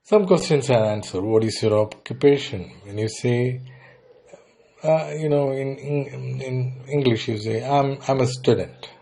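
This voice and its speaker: A man's voice: medium pitch, measured pace, creaky, dark tone. A man teaching a beginner language lesson. He says each phrase, then translates it plainly, and sometimes restarts a word partway through.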